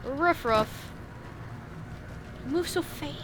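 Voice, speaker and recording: A woman's voice: high-pitched, lively intonation, very slow, noisy background. A woman streamer giving casual, joking gameplay commentary and laughing often. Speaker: game streamer.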